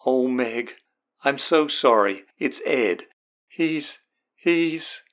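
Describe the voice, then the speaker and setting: A man voicing a tearful young woman who fakes an American accent and speaks haltingly between sobs in a storybook reading. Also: medium pitch, lively intonation, a bit bright, voice pushed up, lightly acted. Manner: sobbing, halting speech.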